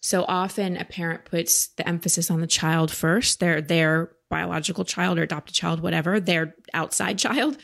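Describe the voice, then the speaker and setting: A woman in her thirties giving a caller direct but gentle coaching advice on a talk show. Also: on the low side, fairly even intonation, normal speed, creaky, few pauses.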